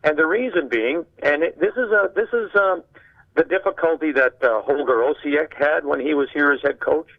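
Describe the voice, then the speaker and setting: An older man from Canada, a guest sportscaster, chatting casually and telling animated anecdotes with acted-out dialogue. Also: on the high side, phone-quality sound. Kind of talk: casual conversation, storytelling.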